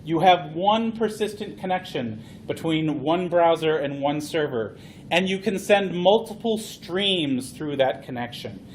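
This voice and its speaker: A man gives a playful, animated conference talk. His voice sits high for a man, and he tells his points like a story. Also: measured pace, slight background noise. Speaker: conference speaker.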